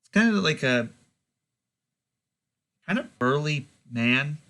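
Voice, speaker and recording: A man narrating a tabletop game as game master, casual and halting with many fillers. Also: fairly high pitch, sing-song, pushed and bright.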